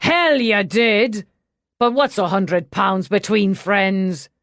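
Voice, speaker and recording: A man's voice: high-pitched, slow pace, fairly bright tone, no echo, clean studio sound, exaggerated voice. A woman voicing a boisterous, burly pub owner who talks in a hearty, teasing, roaring way. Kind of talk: audiobook character voice.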